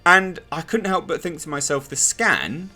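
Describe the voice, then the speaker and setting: A man's voice: a little high, animated, moderate pace, pushed and bright. A young man reviewing a TV episode in a casual, sarcastic, exasperated way, with a faint music bed behind him. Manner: sarcastic, exasperated, mocking impressions. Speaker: TV show reviewer.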